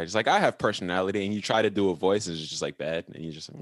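A man's voice: fairly low pitch, lively intonation, fast, hardly any pauses, no room sound, clean studio sound. A man hosting a podcast in a loose, rambling, slangy way during casual banter. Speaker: podcast host. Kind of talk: casual chat.

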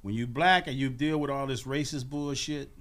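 A man in his sixties telling lively, laughing stories as a guest on a radio morning show, acting out voices as he goes. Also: medium pitch, normal speed. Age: 60s. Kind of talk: casual storytelling on a radio show.

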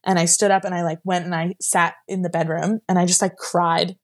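A woman's voice: on the low side, flat delivery, fairly quick. A young woman telling a personal story as a podcast guest. She rambles emotionally, with many fillers, and sounds close to tears at times.

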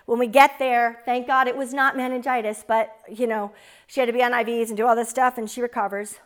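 Woman in her forties, high voice, earnest fervent testimony, storytelling to a congregation. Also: flat delivery, fairly quick. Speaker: speaker sharing a testimony. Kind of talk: emotional personal testimony.

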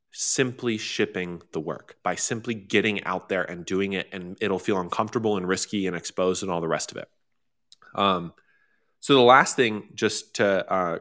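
Bright-voiced man hosting a casual workshop. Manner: animated, with sudden high-pitched exclamations; chatty, with many fillers and restarts. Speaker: workshop host.

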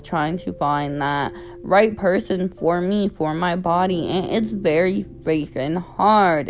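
Blunt young woman, low slow voice. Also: darkish tone. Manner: candid and blunt, frequent fillers like "um" and "you know". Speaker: vlogger giving advice. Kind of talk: casual advice chat.

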